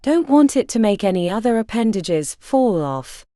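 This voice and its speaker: A woman's voice: medium pitch, sing-song, normal speed, dark tone, no echo, close to an everyday voice. A woman voicing a blunt young female healer who gives curt, dry instructions.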